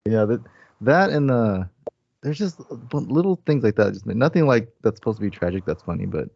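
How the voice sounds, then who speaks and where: A man co-hosting a podcast in casual chat, easygoing and quick to laugh. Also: fairly low pitch, animated, vocal fry, darkish tone, no echo. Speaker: podcast co-host. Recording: dry, dull lo-fi sound.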